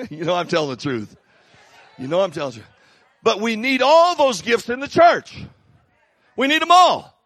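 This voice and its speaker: A middle-aged male pastor preaching with a lively, jokey storytelling manner. His voice sits high and swings widely in pitch. The sound is close and dry. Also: moderate pace, long pauses, dry recording. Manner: animated, humorous storytelling. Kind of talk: sermon.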